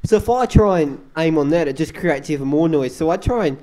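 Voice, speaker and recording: Matter-of-fact man, slightly high. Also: animated, brisk, dark tone. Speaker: co-commentator. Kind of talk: casual banter during live commentary.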